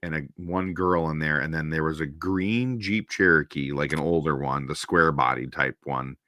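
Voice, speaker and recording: A man's voice: extremely low pitch, moderate pace, dry recording, clean studio sound. A man from Minnesota telling a long, rambling anecdote on his stream, stopping to act out the people in it. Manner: rambling, animated anecdote with quoted voices. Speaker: host. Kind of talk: casual storytelling on a stream.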